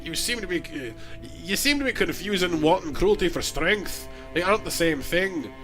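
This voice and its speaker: A man's voice: high voice, expressive, normal speed, over music. A man voicing a resolute young noblewoman who leads her people, speaking earnestly and firmly. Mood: stern resolve. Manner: earnest, firm and commanding.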